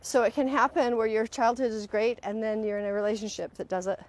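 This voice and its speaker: Expressive woman hosting a live stream. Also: on the high side, fast. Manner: animated, acts out quoted voices mid-sentence; earnest, directly addresses viewers. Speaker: host. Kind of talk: live-stream talk on emotional healing. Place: at home, on a live video stream.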